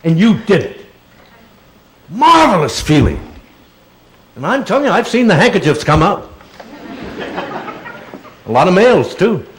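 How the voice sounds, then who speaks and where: A man's voice: sits high, sing-song, a little slow, long pauses, fairly bright tone, rough recording. An older man with a slightly raised voice answers questions from an audience. His talk is loose and rambling, full of small restarts, and it turns playful and theatrical now and then. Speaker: guest speaker. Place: auditorium.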